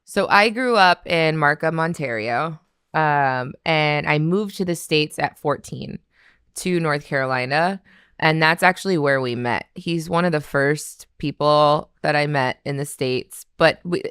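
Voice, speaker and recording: A woman's voice: low voice, unhurried, smooth, no echo, studio quality. A woman from Canada, a guest in casual chat, telling stories with frequent laughter and acting out the people she quotes. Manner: laughs often, animated storytelling, acts out quoted voices.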